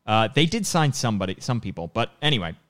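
A man co-hosting a casual sports podcast, talking briskly with frequent restarts. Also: fairly low pitch, big pitch swings, fairly bright tone. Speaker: podcast co-host.

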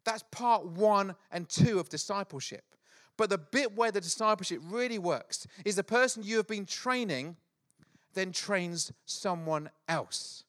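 A middle-aged man preaching a sermon, telling Bible stories in an animated, joking way with quick acted asides. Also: high voice. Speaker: pastor.

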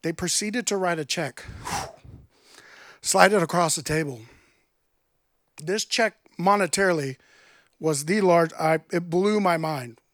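A man in his thirties preaching a sermon, telling a personal story with animated delivery and acted-out dialogue. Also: fairly high pitch, unhurried, pauses often, no room sound, studio quality. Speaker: pastor.

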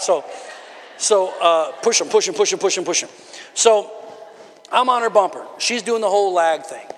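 A man pastor preaching a conversational sermon from the platform, building into shouted bursts. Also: high voice. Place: church sanctuary. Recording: long hall reverb of a church.

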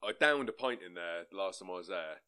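A man's voice: sits low, lively intonation, brisk, pushed and bright. A man co-hosting a podcast, chatting casually in a rambling, sweary way. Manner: rambling, sweary, restarts sentences. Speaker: podcast co-host. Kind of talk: casual chat.

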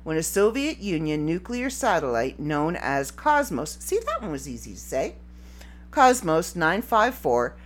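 Woman solo podcaster, rambling and giggly, lively swinging pitch, casual chat. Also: unhurried. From Canada. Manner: rambling and giggly, breaks into fits of laughter. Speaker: podcast host.

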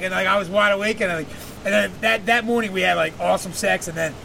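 A man's voice: high-pitched, fast talker, gravelly, sharp tone, slight background noise. A man hosting a podcast, telling a long profane story in a rambling casual way and laughing often. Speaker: podcast host.

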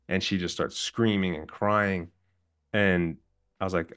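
A young man in his twenties, a podcast guest, calmly and earnestly telling a personal story, candid and now and then swearing. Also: low voice, fast, clear, resonant tone. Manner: calm, earnest, candid with profanity.

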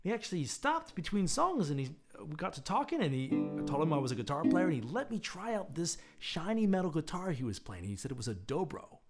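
A man hosting a show, telling a personal street-music story in a relaxed, reflective way. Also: fairly high pitch, a little fast, hardly any pauses. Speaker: podcast host and street musician. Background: plucked guitar music.

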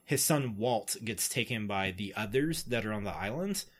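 A podcast co-host rambling casually through a TV plot, packing his talk with "like" and quick laughs. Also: fairly low pitch, expressive, fairly bright tone. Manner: rambling, filler-heavy retelling with frequent "like" and laughs. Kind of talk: casual chat.

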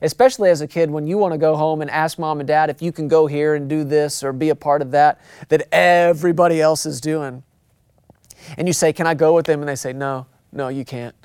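A man's voice: fairly high pitch, fairly even intonation, brisk, darkish tone, smooth, no room sound, studio quality. A man preaching a sermon, talking conversationally, repeating phrases for emphasis and acting out quotes. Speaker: pastor.

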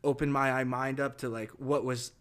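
A man's voice: mid-range voice, level tone, moderate pace, clear, resonant tone. A man in casual chat, rambling and restarting his sentences as he recalls boot camp.

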